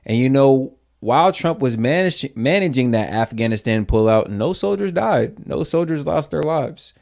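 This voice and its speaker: A man's voice: medium pitch, expressive, moderate pace, creaky, a little mellow. A man hosting a casual reaction stream, blunt and slangy, mocking what he hears and swearing freely.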